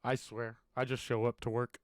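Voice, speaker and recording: Smooth-voiced, teasing podcast host man. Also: medium pitch, little pitch movement, normal speed, no echo, clean studio sound. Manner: teasing, laughs often, rambling. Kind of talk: casual comedic chat.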